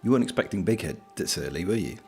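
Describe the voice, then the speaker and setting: A man's voice: low-pitched, lively intonation, rapid-fire, gravelly, a little mellow, faint music behind. A British man streaming, chatting casually and reading out viewer comments in a joking, self-deprecating, rambling way. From Britain.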